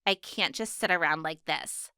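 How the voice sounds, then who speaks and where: A moody teenage girl from a storybook, as a woman narrator puts her on, talking low and subdued. The tone is bright and crisp, recorded dry and close. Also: normal speed, no room sound, lightly acted. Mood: hushed. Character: teenage girl, brooding and withdrawn.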